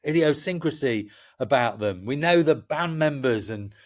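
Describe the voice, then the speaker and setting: A man's voice: mid-range voice, animated, normal speed. A middle-aged man, a festival promoter chatting as a guest and telling stories passionately, with many restarts. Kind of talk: casual chat.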